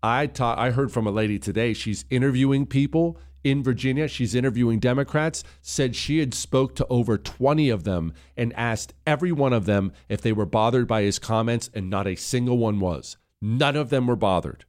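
A man's voice: medium pitch, moderate pace, few pauses, darkish tone. A man hosting a radio talk show, delivering impassioned political commentary into a studio microphone. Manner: impassioned, building to heated emphasis.

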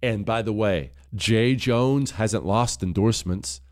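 A male radio talk host sits behind a studio microphone. He delivers political commentary in a voice pitched somewhat low for a man. His delivery is emphatic and keeps building in intensity. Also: slow pace.

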